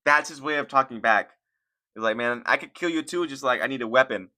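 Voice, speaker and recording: Bright-voiced young man ranting casually. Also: medium pitch, quick pace. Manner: profane, laughing, rambling. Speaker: commentary channel host. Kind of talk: casual reaction commentary.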